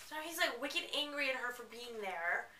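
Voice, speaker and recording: A woman's voice: on the high side, animated, moderate pace, pushed and bright, far from the mic, a little hiss or hum. A woman reading a novel aloud and breaking in with sarcastic, chatty commentary. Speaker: reader. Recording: roomy, away from the mic.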